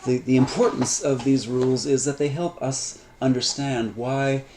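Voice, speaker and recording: A man lecturing on Greek grammar in a relaxed, unscripted way, with many fillers, restarts and light asides. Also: mid-range voice, moderate pace, a little hiss or hum. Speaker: Greek instructor. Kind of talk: recorded lecture.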